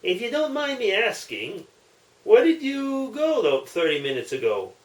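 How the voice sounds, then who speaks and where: Casting: man playing a brash, loud Texan, lively pitch, roomy echo. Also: measured pace, heavily acted. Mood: curious.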